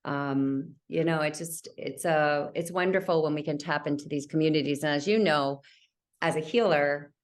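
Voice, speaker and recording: A woman who works as a Reiki healer, speaking gently and warmly about her community as a guest on a podcast. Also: deep voice, moderate pace. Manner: gentle, heartfelt, spiritual talk. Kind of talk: conversational podcast interview.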